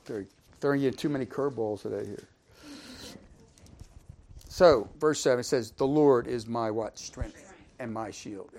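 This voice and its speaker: A man preaching an informal sermon, conversational and folksy, asking the congregation questions and swinging between emphatic lines and quiet asides. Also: mid-range voice, a little slow, long pauses.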